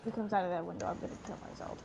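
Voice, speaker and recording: A tired woman gamer in casual voice chat, excitable and cursing loudly when things go wrong. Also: lowish voice, racing, creaky, dull audio, background noise. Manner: excitable, swears loudly under pressure. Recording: game music in background.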